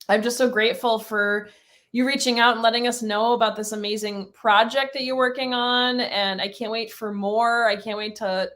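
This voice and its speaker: A woman hosting a livestreamed panel, gushing and excitable, with fillers as she talks. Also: medium pitch. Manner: gushing, excitable, self-described nerding out. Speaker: host. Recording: online video call.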